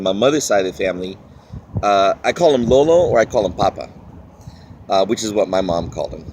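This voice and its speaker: A man's voice: fairly low pitch, slight background noise. A man with a Washington DC accent, rambling and searching for words as he talks through an accent-challenge vlog. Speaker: vlogger.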